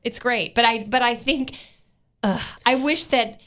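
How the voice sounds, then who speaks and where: A woman co-hosting a talk show, chatty and frank. Her voice is bright and forward, a touch higher than average. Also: unhurried, a little hiss or hum. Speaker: radio show co-host. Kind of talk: casual chat.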